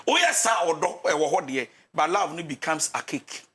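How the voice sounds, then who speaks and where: A man's voice: fairly high pitch, very animated, a little fast, fairly bright tone, slightly rough. A man with a Ghanaian accent giving marriage advice as a pastor on a talk show, switching between English and Twi and acting out the quarrels of couples. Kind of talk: animated talk-show counsel.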